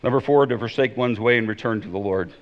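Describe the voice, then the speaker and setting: A man preaching a sermon as pastor, emphatic and swinging between loud declarations and hushed pleading. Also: mid-range voice, fast. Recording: dull sound in a long-reverb hall.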